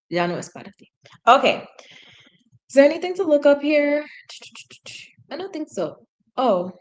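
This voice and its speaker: A woman learning a language on a live stream, reading a book aloud and translating it line by line, thinking aloud and correcting herself. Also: mid-range voice. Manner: slow, thinking aloud, self-correcting with small laughs.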